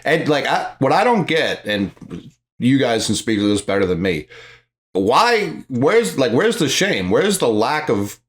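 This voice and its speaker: A man's voice: mid-range voice, sing-song, a little slow. A man co-hosting a sports podcast, mocking and swearing in a casual rant. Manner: mocking, profane. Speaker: podcast co-host.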